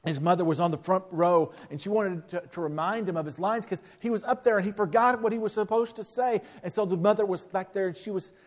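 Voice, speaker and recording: A man from the United States preaching a sermon, telling stories with emphatic rises and soft, quiet drops. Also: sits high, a little fast, hardly any pauses. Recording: long reverb of a large hall.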